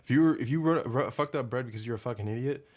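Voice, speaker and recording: A young male vlogger rants casually to the camera at a quick pace in a medium-pitched voice, rambling, swearing, and often losing his train of thought. He imitates his boss in a hushed, mocking voice.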